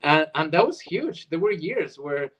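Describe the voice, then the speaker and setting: A middle-aged Argentine man with an Argentine Spanish accent appears as a voice actor guest in a casual interview. His voice is on the high side and unhurried, and he animatedly slips into Spanish accents to demonstrate them. The recording is rough.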